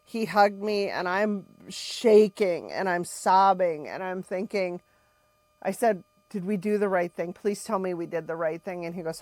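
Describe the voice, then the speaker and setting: A woman's voice: lowish voice, unhurried, a little mellow, dry recording. A woman candidly retelling her family's story, acting out the dialogue and swearing bluntly as she goes. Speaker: podcast co-host telling her family's story. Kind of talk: emotional personal storytelling.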